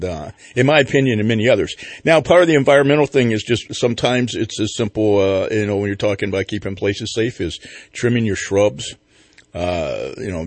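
A man hosting morning talk radio, rambling along with plenty of fillers and false starts. His voice is a bit husky, and the studio sound is close and dry. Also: fairly low pitch, dry recording. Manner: rambling, with many fillers and restarts. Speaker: radio talk show host. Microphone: studio microphone.

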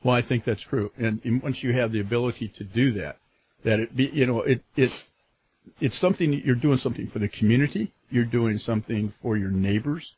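A male radio talk show host with a husky voice, speaking in a friendly, chatty way full of fillers. The broadcast sound is slightly dull. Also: mid-range voice, fairly quick, dry recording. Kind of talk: casual radio interview. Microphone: studio microphone.

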